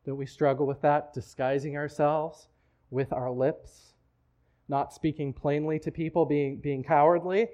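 A man's voice: fairly high pitch, little pitch movement, a little slow, a little mellow, dull audio. A man preaching a sermon in a church, talking in a conversational way with frequent restarts. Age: adult, married. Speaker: pastor.

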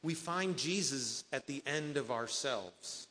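A man's voice: medium pitch, animated, takes it slowly, sharp tone, in a large hall. A man preaching a sermon as pastor, earnest, quoting scripture and voicing the people in his stories.

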